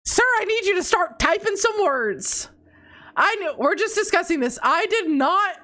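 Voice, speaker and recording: A woman streaming live, chatting casually with her audience, excitable and teasing, bursting into shouted exclamations and laughs. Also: sits high, normal speed. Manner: teasing, talks straight to her chat. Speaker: VTuber streamer.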